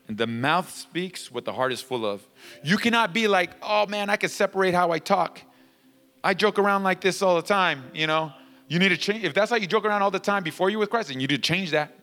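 A male pastor preaching a sermon, emphatic and repetitive, his voice climbing toward a near-shout as he drives points home. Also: on the high side, long reverb tail. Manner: emphatic, repeats lines, rising to near-shouting. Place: church sanctuary.

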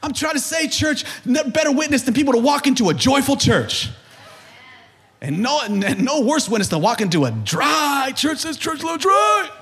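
A man preaching a sermon as pastor, building to shouts and joking with the congregation, calling out questions for them to answer. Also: very high voice, sing-song, moderate pace. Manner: preaching with rising shouts and humor, call-and-response.

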